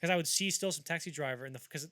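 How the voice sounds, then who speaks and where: Rambling storyteller man, slightly high voice. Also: rapid-fire, sharp tone, no echo. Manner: rambling storyteller who acts out quotes. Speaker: podcast host. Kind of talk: casual film-history chat.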